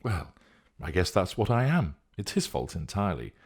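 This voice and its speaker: A man's voice: low-pitched, very animated, moderate pace, pitched above the performer's own voice. A man reading a story, voicing a younger woman who brushes off worry on the phone. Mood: breezy.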